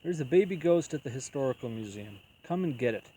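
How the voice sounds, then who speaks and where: A man voicing a fiery-tempered male museum keeper who shouts loud and blustery in a storybook reading. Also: mid-range voice, lively intonation, a little fast, slight background noise, lightly acted, poor audio. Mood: furious.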